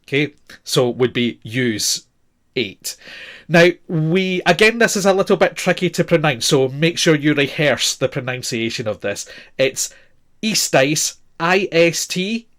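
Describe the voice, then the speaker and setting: A man's voice: on the high side, animated, a little slow, fairly bright tone. A man teaching a recorded language lesson, patiently repeating forms and spelling them out letter by letter.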